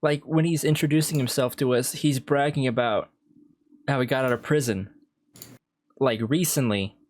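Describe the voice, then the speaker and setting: A man's voice: medium pitch, moderate pace. A man who hosts a casual podcast chat, laughing as he retells a story. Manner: laughing, retells stories with an imitated voice.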